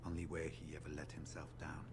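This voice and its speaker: An actor playing a weathered older male warrior in a video game, speaking in a measured, solemn way. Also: little pitch movement, background noise. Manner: measured, solemn, low and confiding. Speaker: game character.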